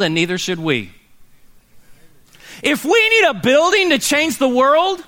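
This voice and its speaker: Casting: male pastor, high bright voice, lively preaching that plays out quoted people. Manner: animated, acts out quoted people, calls for responses. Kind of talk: sermon. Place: church meeting in a warehouse.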